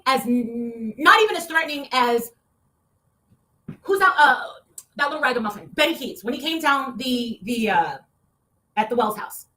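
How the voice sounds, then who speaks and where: A woman talking in a heated, casual rant, swearing often and breaking into loud outbursts. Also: high-pitched, a little hiss or hum. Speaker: online show guest.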